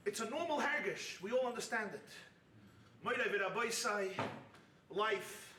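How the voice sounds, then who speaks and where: Rabbi, male, lively preacher, high bright voice, heard from afar in an echoey hall. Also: moderate pace, long pauses, far from the mic, slight background noise. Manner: animated, acts out quoted voices, jokes. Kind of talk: sermon. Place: retreat hall with audience.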